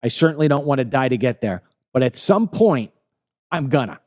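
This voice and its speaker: A man's voice: medium pitch, very animated, a little fast, a little mellow, no room sound, studio quality. A man in his fifties with a Long Island accent, hosting an opinion monologue in an emphatic, ranting way that keeps repeating phrases. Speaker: commentary show host.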